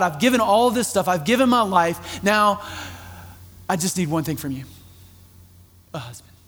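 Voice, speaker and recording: Male pastor, high voice, conversational sermon storytelling, long hall reverb. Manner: conversational storytelling, animated asides.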